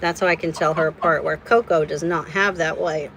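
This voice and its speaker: A woman keeping ducks, talking casually outdoors and coaxing her birds in a high voice. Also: steady tone, a little fast, fairly bright tone, slight background noise, rough recording. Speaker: duck keeper. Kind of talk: casual farm vlog talk. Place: outdoors by duck pens.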